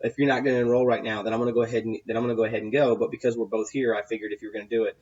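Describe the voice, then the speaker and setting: A man's voice: mid-range voice, flat delivery, rapid-fire, darkish tone, dull audio. Rambling man giving sales tips. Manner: rambling and repetitive, with many fillers and restarts. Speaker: sales coach. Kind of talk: casual advice monologue.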